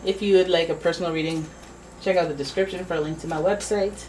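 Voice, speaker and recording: A woman's voice: lowish voice, steady tone, fast talker, darkish tone, distant mic, slight background noise, poor audio. A woman giving a casual, playful tarot reading, chatting and exclaiming as each card comes up. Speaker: tarot reader.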